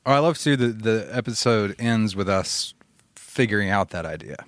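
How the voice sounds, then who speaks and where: A man's voice: lowish voice, lively intonation, moderate pace, dry recording. A man with a Southern US accent co-hosting a podcast, reading an email aloud in easygoing, chuckling chat. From southern United States. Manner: easygoing, chuckling, swears casually. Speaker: podcast co-host.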